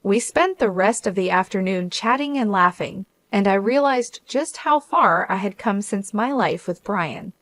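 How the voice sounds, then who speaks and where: A woman reading a first-person story as the narrator, in an even, measured way. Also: medium pitch, no room sound.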